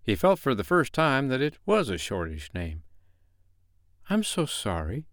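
A man narrating a classic children's novel as a bedtime story, reading in an expressive, measured way. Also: medium pitch, no echo, clean studio sound.

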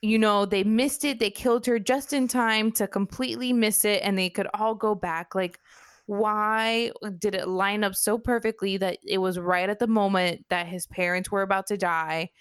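A woman's voice: medium pitch, fairly even intonation, moderate pace, smooth, dry recording, clean studio sound. A young woman co-hosting a podcast, talking in an emotional, emphatic, rambling way. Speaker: podcast co-host. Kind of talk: casual chat.

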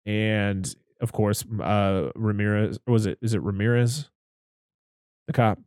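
A man's voice: lowish voice, fairly even intonation, unhurried, darkish tone, clear, resonant tone, no echo, studio quality. A man co-hosting a casual chat, retelling a film scene by scene in a rambling, profane, enthusiastic way. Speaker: podcast co-host recapping a film.

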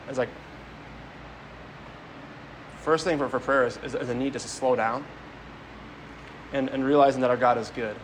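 A man's voice: mid-range voice, fairly even intonation, normal speed, long pauses, a little hiss or hum, poor audio. A man preaching a homily as a priest, speaking conversationally, telling stories and often repeating words as he goes. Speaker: Catholic priest.

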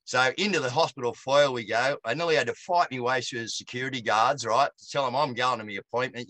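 A blunt Australian man spins an animated story in broad, colloquial speech. His voice is bright and forceful, and it sounds close and dry, with no room around it. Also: medium pitch, a little fast, dry recording. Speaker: guest. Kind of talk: casual storytelling.

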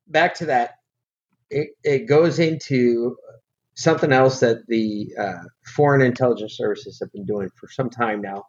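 A middle-aged American man co-hosts a podcast, chatting casually in a rambling, profane, emphatic way. His voice is medium-pitched and a little mellow. The audio is dull and lo-fi, with a faint hiss.

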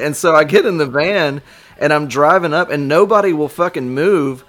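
Animated swearing man telling band stories. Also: on the high side, a little fast. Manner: animated, swears a lot, acts out quotes loudly. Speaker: podcast guest, former band member. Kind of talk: casual storytelling chat.

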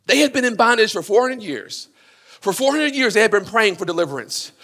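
A man preaching a sermon with passion, swinging from loud cries to hushed pleading. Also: sits high, big pitch swings, fairly quick, long reverb tail. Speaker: pastor.

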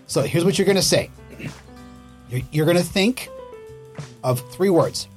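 A man's voice: on the high side, lively intonation, moderate pace, long pauses, faint music behind. A man hosting a gardening radio show in a studio, talking in a playful, joking way. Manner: upbeat, jokey, playful. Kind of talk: casual radio chat.

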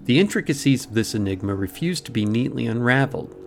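A man's voice: mid-range voice, expressive, fast, slight background noise. A man hosting a podcast, telling a mystery story in dramatic, ornate scripted narration. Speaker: podcast host. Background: faint music.

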